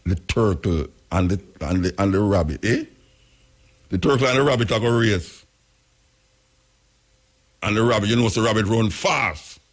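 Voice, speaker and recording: A man with a Jamaican accent speaks in patois as a radio talk show host, his voice husky and grainy. He works through his argument with rhetorical questions and repeats his points for emphasis. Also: lowish voice, moderate pace, long pauses.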